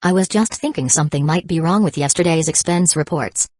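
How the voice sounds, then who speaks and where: A woman's voice: deep voice, a little fast, a little mellow, no room sound. A woman voicing a composed, stubborn young female guild barmaid in an audiobook reading. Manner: stubborn, dry.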